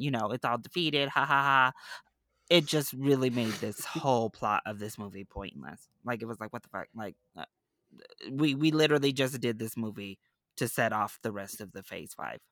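A man's voice: mid-range voice, moderate pace, a bit bright, no echo. A man co-hosting a casual movie chat, blunt, slangy and opinionated.

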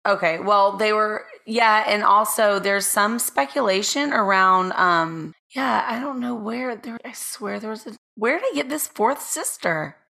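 Chatty hoarse-ish woman podcast co-host. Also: medium pitch, measured pace, few pauses, bright, forceful tone. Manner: chatty, laughs often, trails off. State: a little hoarse. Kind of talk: casual chat. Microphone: studio mic with red light.

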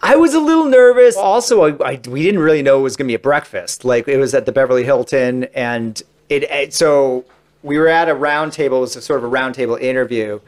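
A man at an ordinary middle pitch spins casual, rambling anecdotes as a podcast guest. He talks in a chatty way, trailing into asides and restarts. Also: lively intonation, fairly quick. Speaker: entertainment interviewer, podcast guest.

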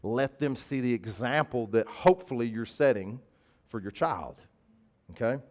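A man's voice: mid-range voice, normal speed, a little mellow. A man preaching a sermon, telling a personal story in a conversational, emphatic way and repeating key phrases. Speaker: pastor.

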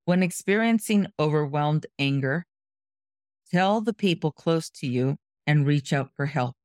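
A woman with a lowish, measured voice explaining recovery ideas step by step. She speaks calmly and clearly. The sound is dry and close to the mic. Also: dry recording. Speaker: podcast participant.

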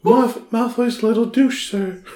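A man's voice: extremely high pitch, measured pace, mellow. A man co-hosting a casual podcast, dropping wry quips. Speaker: podcast co-host. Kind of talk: casual chat. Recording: roomy echo.

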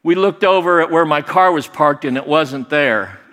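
A man telling a personal story to an audience, animated and acting out what people said. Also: a little high, moderate pace. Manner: animated, acts out quoted voices. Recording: long hall reverb.

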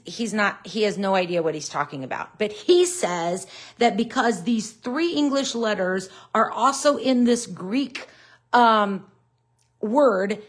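Slow-talking Southern woman teaching Bible. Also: on the high side. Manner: unhurried, conversational, indignant at critics. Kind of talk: live-streamed Bible study.

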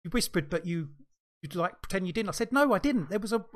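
A man's voice: high voice, quick pace. Man telling a spooky story. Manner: animated storyteller, acts out quoted dialogue. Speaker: podcast co-host. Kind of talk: casual chat.

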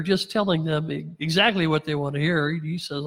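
A man's voice: fairly high pitch, normal speed, few pauses, long reverb tail. A man preaching as a pastor, reading scripture aloud and acting out the characters' lines with wry sarcasm and chuckles. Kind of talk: sermon.

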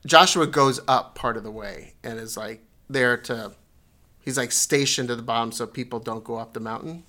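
A man's voice: medium pitch, normal speed, pushed and bright. Rambling man retelling a story. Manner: rambling, self-correcting storyteller. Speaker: podcast co-host. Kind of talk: casual chat retelling a story.

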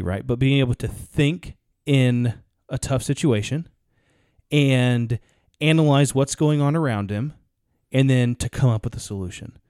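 A man's voice: medium pitch, dark tone, no echo, clean studio sound. A man co-hosting a podcast, telling a story in a rambling way with frequent restarts. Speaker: podcast co-host. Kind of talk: casual podcast talk, storytelling.

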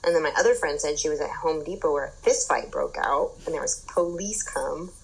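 A young adult woman telling an animated story in casual chat, with lots of fillers and swearing. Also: deep voice, brisk, breathy edge, rough recording.

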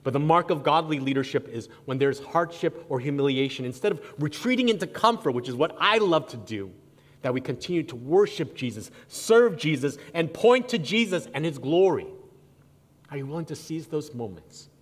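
A pastor preaching a sermon, conversational and lightly self-deprecating, with humorous asides to the congregation. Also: male voice, fairly high pitch, expressive, moderate pace. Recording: long hall reverb.

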